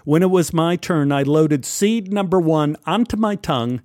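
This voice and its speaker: A man's voice: on the high side, moderate pace, a little mellow, dry recording. A man from Texas telling a personal story in a wry, conversational way with dry humor. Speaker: podcast storyteller.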